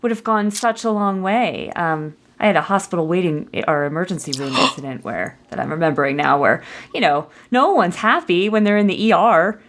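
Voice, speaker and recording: A woman hosting a podcast interview, chatty and quick to laugh. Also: lowish voice, lively intonation. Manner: chatty, laughs often, many fillers. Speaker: podcast host.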